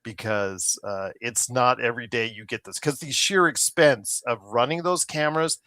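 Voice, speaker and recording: Bright and forceful, his medium-pitched voice moves at a normal speed with no echo. He co-hosts a casual podcast over a remote call mic, rambling with many fillers and restarts and sounding exasperated by online controversies.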